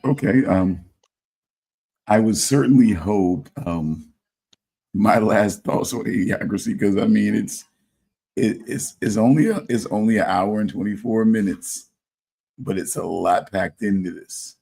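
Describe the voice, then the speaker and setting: A man co-hosting a podcast in casual chat, hesitant and halting as he muses. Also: fairly low pitch, gravelly, warm tone, husky. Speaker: podcast co-host.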